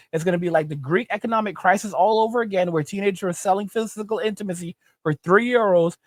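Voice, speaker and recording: Man, channel host, opinion rant, emphatic, repetitive, highish voice, dry recording. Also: no room sound. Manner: emphatic, repetitive, tag questions.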